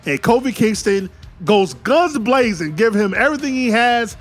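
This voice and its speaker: Excitable high-voiced man calling wrestling. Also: normal speed, soft background music. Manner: excited play-by-play, calling pins and counts. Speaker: YouTube wrestling commentator. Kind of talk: retelling an imagined wrestling match.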